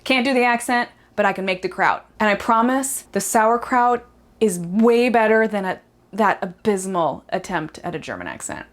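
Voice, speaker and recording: A woman's voice: mid-range voice, animated, moderate pace. A woman hosting a casual cooking video from her kitchen, bubbly and joking at her own expense. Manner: bubbly, playful and self-mocking. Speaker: cooking show host. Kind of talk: casual on-camera cooking vlog. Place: home kitchen.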